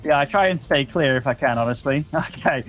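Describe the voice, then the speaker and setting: A man's voice: mid-range voice, a little fast, a bit bright, soft background music. An English man commentating an esports match, chatty and casual with lots of fillers. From England. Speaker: esports caster. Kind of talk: play-by-play commentary.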